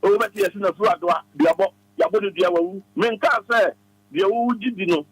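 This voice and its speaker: A man's voice: sits high, fast, no room sound, rough recording. A Ghanaian man giving advice as a radio studio guest, talking emphatically and repeating his phrases like a preacher.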